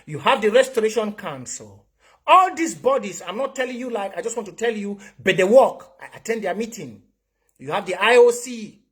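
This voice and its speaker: A man's voice: sits high, lively intonation, normal speed, a bit bright, slightly rough. A man with a Cameroonian accent, giving an impassioned livestream political monologue that slips into Pidgin and repeats his points. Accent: Cameroonian English and Pidgin. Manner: impassioned, preachy, repeats himself. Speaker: online political commentator.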